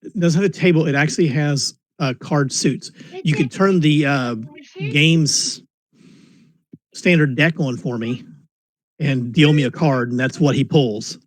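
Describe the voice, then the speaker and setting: A man plays in an online tabletop game, chuckling as he asks about the rules. His voice is slightly high and sounds dry and close. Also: unhurried, no room sound. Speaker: player. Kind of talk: casual game talk.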